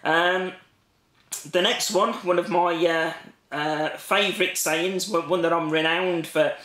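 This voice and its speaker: A man's voice: on the high side, steady tone, measured pace, fairly bright tone. A man with an English Midlands accent, casually chatting to camera as a gaming vlogger, rambling with lots of ums and restarts. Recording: echoey room.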